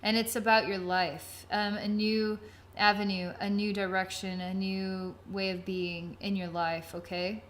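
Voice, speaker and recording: A woman's voice: medium pitch, little pitch movement, a little slow, a bit bright, slight background noise. A woman giving a psychic healing reading, vivid and dramatic, thinking aloud with frequent restarts. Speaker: psychic reader.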